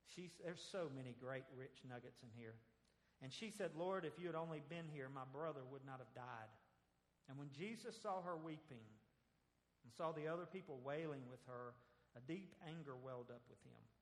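A man's voice: mid-range voice, normal speed, big-room sound. A man preaching a sermon, speaking conversationally and acting out the scripture quotes, with rhetorical questions to the congregation. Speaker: pastor.

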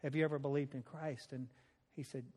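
A man's voice: medium pitch, flat delivery, brisk, warm tone. A man sharing a personal testimony in a folksy, conversational storytelling style, with laughter. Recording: long reverb of a large hall.

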